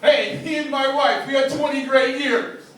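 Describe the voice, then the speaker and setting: A man's voice: very high-pitched, fairly even intonation, normal speed, a bit bright, slight background noise. A man doing an impression of a famous self-pitying comedian, firing off self-deprecating one-liners that each start with "hey.". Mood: hard-luck griping. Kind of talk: stand-up impression. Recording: very echoey, mic far off.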